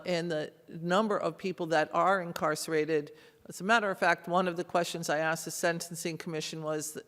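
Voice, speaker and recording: A man speaking as a panelist in a measured, earnest way, with many fillers. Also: fairly high pitch, a bit bright, smooth. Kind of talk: panel discussion remarks. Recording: long reverb of a hall.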